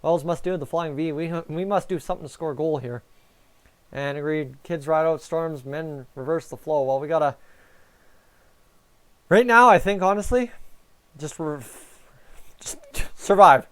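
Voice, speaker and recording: Nervous high-voiced fan streamer. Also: male voice, moderate pace, pauses often, clear, resonant tone. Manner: nervous, excitable, talks to chat. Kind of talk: live game reaction commentary.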